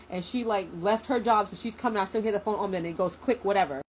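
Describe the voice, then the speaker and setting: A young woman in a casual storytime vlog, animated and indignant, acting out what people said. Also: mid-range voice, fast talker, a little hiss or hum, rough recording. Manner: animated, indignant, acts out quotes.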